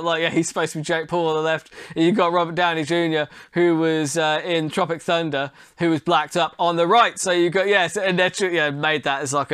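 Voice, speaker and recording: A man's voice: a little high, fairly bright tone, smooth, no room sound, clean studio sound. A man hosting a podcast in casual chat, loose and rambling, swearing and laughing often. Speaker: podcast host.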